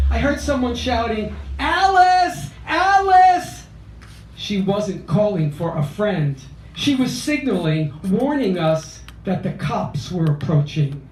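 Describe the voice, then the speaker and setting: A man in his sixties from Philadelphia, reading a memoir poem at a cafe open mic in a measured, deliberate way. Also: high voice, darkish tone, slight background noise. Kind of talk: poetry reading of a memoir piece. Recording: roomy, distant cafe mic.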